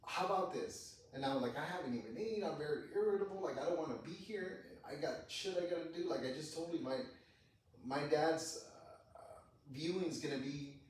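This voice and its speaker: Fairly high-pitched and fairly quick, a man recounts something that happened to him on a podcast, cursing freely and voicing the quoted lines. The recording has an echoey room, a distant mic, and a bit of hiss or hum.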